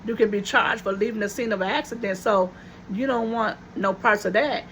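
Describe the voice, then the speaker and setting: A woman's voice: medium pitch, fairly quick, fairly bright tone, a little hiss or hum. A woman vlogger telling viewers a personal story in a casual, chatty way, repeating her phrases for emphasis.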